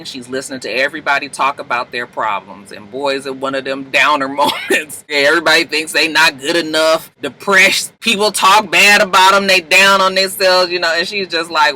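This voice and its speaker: Animated man recapping with bright energy. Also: a little high, poor audio. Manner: animated, acts out characters' lines in quick voices; profane, laughing asides. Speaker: host recapping TV episodes. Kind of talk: casual recap.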